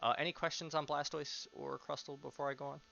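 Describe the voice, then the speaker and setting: Young man, coach, very bright tense tone, dull lo-fi call audio, relaxed with frequent ums. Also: fairly high pitch, fast talker, gravelly, a little hiss or hum. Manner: relaxed, frequent um fillers, explains step by step. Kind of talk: casual coaching over voice chat.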